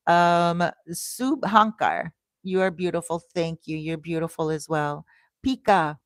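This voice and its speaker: A woman from Canada in her thirties hosting a casual livestream, telling stories slowly and greeting viewers with bursts of excitement. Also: deep voice, no room sound. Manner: slow, deliberate storytelling that turns to bright, excited greetings to viewers. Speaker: livestream host.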